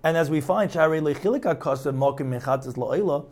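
Male Talmud lecturer, somewhat raised pitch, steady explanatory delivery. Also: quick pace. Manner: reads Aramaic text then translates, explanatory. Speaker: Talmud teacher.

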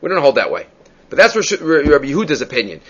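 A man's voice: a little high, wildly swooping pitch, quick pace, slightly rough, dull audio. A man teaching a Talmud class, reading passages aloud and explaining them step by step, often asking questions and answering them himself.

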